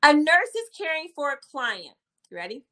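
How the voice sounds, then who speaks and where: A woman running a live-stream nursing exam review, lively and teasing, repeating phrases and chatting with her viewers. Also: high-pitched, normal speed.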